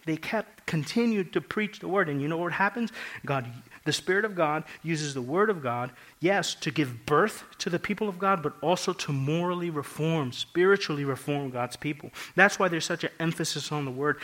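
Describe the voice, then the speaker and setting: Bright-voiced preacher man, hushed to loud. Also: on the high side, animated, moderate pace, poor audio. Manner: emphatic, swings between hushed and loud; repeats phrases for emphasis. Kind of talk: sermon.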